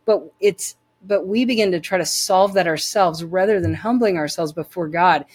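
A woman's voice: on the low side, normal speed, a little mellow, husky. A woman telling her personal faith story as an interview guest, earnest and emphatic, often repeating words as she restarts.

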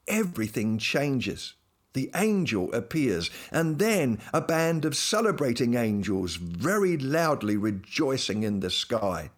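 Male host, devotional talk, playful storyteller, very expressive pitch. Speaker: host and Christian speaker.

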